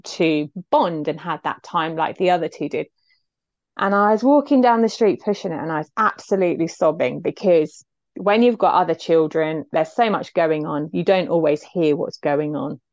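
A woman's voice: deep voice, darkish tone, dry recording, muffled recording. A woman, telling a personal story as an interview guest, heartfelt and reflective.

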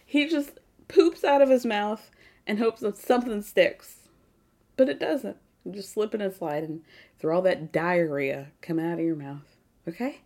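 A woman's voice: medium pitch, a little slow, a little mellow. A woman hosting a podcast, recapping a reality show in casual, sarcastic commentary and swearing freely. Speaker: podcast host.

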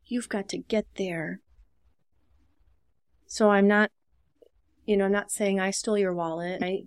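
A woman's voice: medium pitch, fairly even intonation, moderate pace, pauses often, darkish tone, no echo. Earnest woman explaining caregiving, dry close mic. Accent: Upper Midwest American. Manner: earnest and instructive, acts out short example dialogues. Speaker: dementia care business owner and social worker. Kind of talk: podcast interview, explaining caregiving tips.

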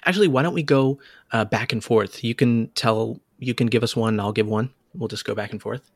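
Male podcast co-host, middle-pitched, chatty and excitable, recorded dry and close. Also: brisk, dry recording. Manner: animated storyteller, many restarts and laughs. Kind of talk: casual chat.

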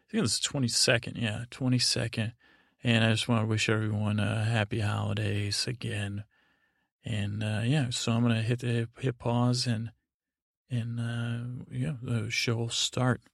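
A man hosting a podcast, chatting casually and halting as he thanks listeners by name. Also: lowish voice, creaky, no room sound, clean studio sound. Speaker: podcast host. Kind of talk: casual chat.

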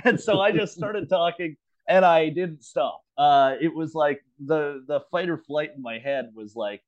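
A man's voice: on the high side, measured pace. A man co-hosting a podcast from home over a remote call, telling a story in casual chat with lots of swearing and laughter. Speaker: podcast co-host. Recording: slightly dull, lo-fi remote audio.

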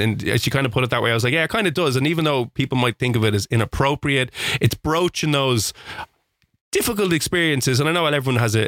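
An Irish man hosts a casual interview, chatty and quick to react. His voice sounds bright and edgy, recorded close and dry. He asks long, rambling questions. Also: mid-range voice, dry recording. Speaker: interview host.

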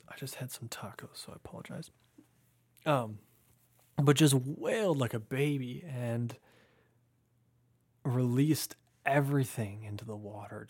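A man's voice: on the low side, a little mellow. A young man hosting a podcast, earnestly recounting a personal spiritual practice in a confessional way, sometimes dropping to a near-whisper. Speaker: podcast host. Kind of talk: reflective spiritual monologue.

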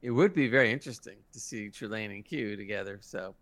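A man's voice: fairly low pitch, quick pace, a bit bright, no echo. A man co-hosting a podcast, casually explaining lore as an eager fan and chuckling along. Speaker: podcast co-host. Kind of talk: casual chat reviewing a TV episode.

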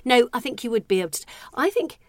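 A woman's voice: on the high side, expressive, fast, a crowd in the background. A woman chatting casually as a guest, often restarting and repeating her words. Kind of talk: casual chat.

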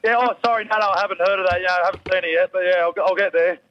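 A high-voiced Australian man talks loudly over the phone from a train carriage. He jokes crudely and laughs easily as he chats with his co-hosts. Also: fairly even intonation, very fast, dull audio. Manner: loud, laughing, crude joking. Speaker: co-host calling in. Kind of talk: casual banter. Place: on a train, public transport.

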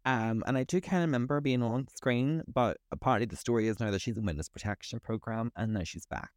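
British dude on a podcast mic, chatty, blunt, swears a lot, dry close sound, medium pitch. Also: male voice, fast talker, dry recording. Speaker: podcast co-host. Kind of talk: casual chat.

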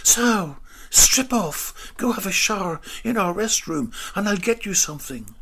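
A man voicing a playful, bold young woman who giggles and shrieks, with a breathy, raspy voice. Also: high-pitched, animated, measured pace, pushed and bright, voice pushed up, full character voice. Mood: teasing.

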